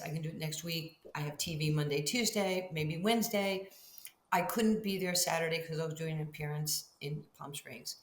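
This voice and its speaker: A woman's voice: deep voice, reverberant, a little hiss or hum. A middle-aged woman telling a story as a podcast guest, animatedly acting out both sides of each conversation. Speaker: guest, Hall of Fame basketball player.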